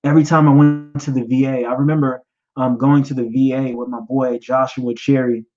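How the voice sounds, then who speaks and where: A man's voice: mid-range voice, level tone, a little mellow, lo-fi sound, soft background music. Emotional man telling his story, choking up. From United States. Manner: emotional, halting, repeats himself, gets choked up. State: choked up, near tears. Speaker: podcast host and guest telling his own story. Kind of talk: personal testimony, live stream talk.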